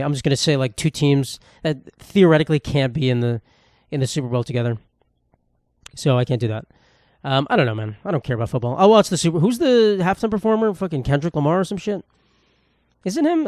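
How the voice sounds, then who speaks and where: A man's voice: on the high side, a little mellow, no room sound, studio quality. A young man from New York hosting a casual solo podcast in a rambling, sarcastic, profane way. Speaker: podcast host.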